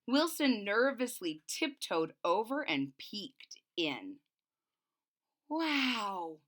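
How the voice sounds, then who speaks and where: A woman reading a picture book aloud to children, pausing to explain the story. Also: mid-range voice, sing-song, fairly bright tone. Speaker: storybook reader.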